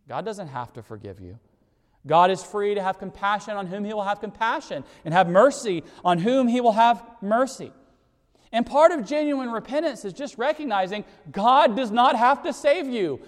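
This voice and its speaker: A man preaching a sermon, moving between loud pleading and quiet intensity, sometimes mocking the speakers he quotes. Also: high voice, expressive, moderate pace, long reverb tail. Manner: mocking put-on voices for quoted figures. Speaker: pastor.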